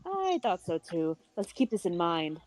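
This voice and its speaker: Woman voicing a relaxed grown-up game girl: low, calm, easygoing, unhurried. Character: mature, chill, fun-loving young woman. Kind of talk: fan voice acting over a game.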